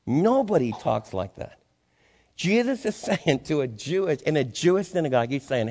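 A male pastor delivers a sermon from the pulpit, throwing rhetorical questions at his congregation. His voice sits somewhat high for a man. The sound carries a long reverb from a large church hall. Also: sing-song, moderate pace, darkish tone, slight background noise. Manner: preaching with rising intensity, rhetorical questions to the congregation. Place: church sanctuary.

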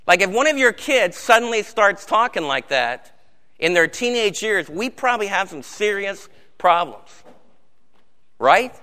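High bright preaching man, hall reverb. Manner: conversational preaching, rhetorical questions. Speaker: pastor. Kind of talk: sermon.

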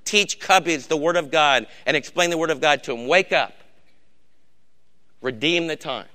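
At a normal pace, a gray-bearded older pastor with a rather high voice delivers a sermon, moving from hushed cautions to shouted urgings as he presses his congregation.

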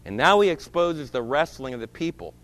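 High-voiced preacher in a reverberant hall. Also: male voice, very animated, fairly quick. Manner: dramatic, swings from loud emphasis to low hushed delivery. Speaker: pastor. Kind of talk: sermon. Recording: long reverb of a large hall.

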